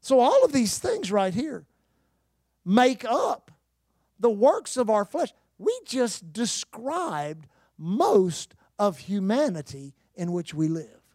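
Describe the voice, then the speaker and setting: A man's voice: high voice, very animated, slow, a little mellow, dry recording. A male pastor preaching a sermon with call-and-response and humor.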